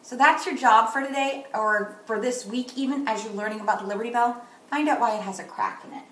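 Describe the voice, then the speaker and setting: A woman teaching a kindergarten morning meeting on video, speaking slowly and gently and stressing key words for young children. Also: a little high, reverberant, far from the mic, low-quality recording.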